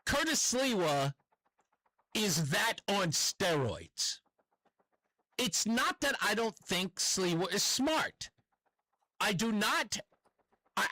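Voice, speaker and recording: A man with a New York accent holds forth on his radio show, his voice high and lively as it swoops up and down. He rambles, corrects himself and circles back to his points. The studio sound is dry and close. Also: dry recording, poor audio. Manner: animated, rambling, self-correcting. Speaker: radio talk host. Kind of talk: opinionated talk radio monologue.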